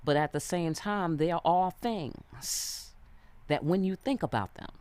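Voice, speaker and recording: A woman with a notably low voice gives a tarot reading straight to the listener. She talks in a streetwise, animated way, swearing freely and checking in again and again to make sure the listener is following along. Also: slow pace, clear, resonant tone. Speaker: tarot reader. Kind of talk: casual spoken tarot reading.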